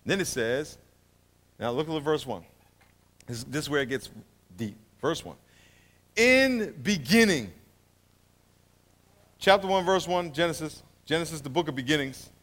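A man teaching a Bible lesson in a lively sermon style, joking and swinging between loud and quiet. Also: normal speed. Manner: animated, jokey, swings from loud to low.

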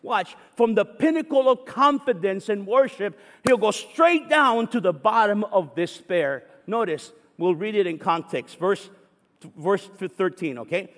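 A man's voice: high-pitched, lively intonation, measured pace, a bit bright. A man preaching a sermon, telling a story and reading scripture aloud with rising fervor. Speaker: pastor. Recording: echoey hall with long reverb.

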